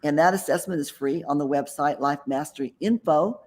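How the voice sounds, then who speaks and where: Brisk and a little mellow, with a fairly high pitch, this man is a guest in an interview who writes books and mentors others. He chats casually and self-assuredly, wandering a little and restarting sentences.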